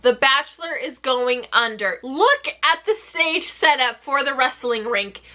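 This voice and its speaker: A woman vlogger giving a chatty, sarcastic recap of a TV show with rapid-fire questions. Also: sits high, animated, sharp tone. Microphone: camera mic.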